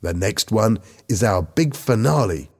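A worried, earnest teenage schoolboy speaks in a storybook reading, as a male narrator plays him close to his own voice. The voice is low and husky, with lively pitch. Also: a little slow, in a large hall, heavily acted.

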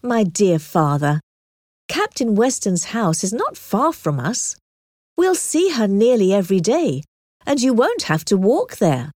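A woman voicing a lively, confident young woman who talks brightly and briskly. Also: medium pitch, no room sound, studio quality. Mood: earnest.

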